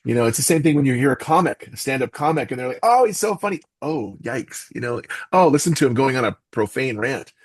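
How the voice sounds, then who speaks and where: A man's voice: medium pitch, quick pace, few pauses. A middle-aged man talking earnestly as a podcast guest, acting out little quotes as he speaks. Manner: earnest, animated, with quoted asides. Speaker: podcast guest, author and voice actor. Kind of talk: casual interview talk.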